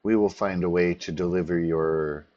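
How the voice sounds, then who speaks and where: A man voicing a formal male tribal leader who speaks slowly and deliberately. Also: low-pitched, fairly even intonation, darkish tone, highs cut off, lightly acted.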